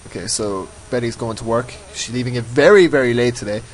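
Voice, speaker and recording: A man's voice: medium pitch, a little fast, slight background noise, low-quality recording. Rambling man narrating his gameplay. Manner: rambling, self-mocking. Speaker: let's play host. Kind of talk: casual gameplay commentary.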